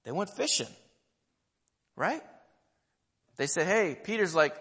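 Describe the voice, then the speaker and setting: High-voiced man preaching in a hall. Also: very animated, slow pace, fairly bright tone, slightly rough. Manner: storytelling, asks the listeners questions. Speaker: pastor. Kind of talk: sermon.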